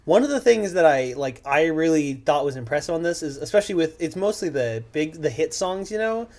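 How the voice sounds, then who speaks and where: A man's voice: fairly high pitch, expressive, brisk, a little mellow. A teenage boy co-hosting a music podcast, giving blunt opinions in casual chat full of fillers. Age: teens. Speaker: podcast co-host.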